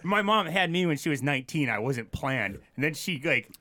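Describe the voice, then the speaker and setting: A man's voice: fairly high pitch, expressive, normal speed, bright, forceful tone, no room sound. A man co-hosting a casual podcast, telling stories with restarts and laughter. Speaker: podcast co-host. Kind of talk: casual chat.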